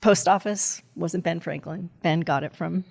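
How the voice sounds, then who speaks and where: A woman's voice: fairly low pitch, measured pace, gravelly, darkish tone. A woman guest on a podcast, a cybersecurity strategist talking in a chatty, rambling way, full of fillers and laughs. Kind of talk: casual conversation.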